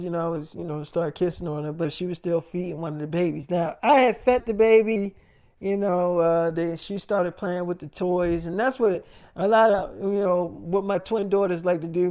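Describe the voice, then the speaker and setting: A man's voice: high voice, a little mellow, smooth. A man telling a personal story casually, rambling and profane, with many fillers.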